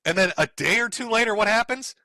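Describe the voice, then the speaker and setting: A middle-aged man rattles off sarcastic, mocking commentary on his live stream and laughs often. His voice sits high and bright. The sound is dry and close, with no room behind it. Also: animated, quick pace, no room sound. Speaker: streamer host.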